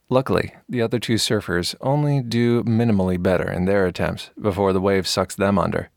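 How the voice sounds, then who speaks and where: A man narrating an audiobook in an even, measured storytelling way, with a gravelly voice. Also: deep voice, dry recording, clean studio sound.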